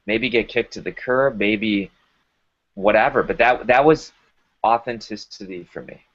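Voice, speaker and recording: A man's voice: on the low side, unhurried, lo-fi sound. A man being interviewed, telling a personal story with energy and acting out the dialogue. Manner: energetic, emphatic storyteller who acts out dialogue. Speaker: guest.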